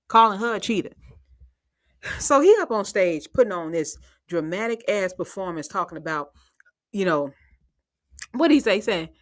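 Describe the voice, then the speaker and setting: Sassy woman recapping reality TV. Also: mid-range voice. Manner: sassy, profane, laughs often, talks straight to viewers. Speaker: reality TV reviewer. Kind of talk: casual recap commentary.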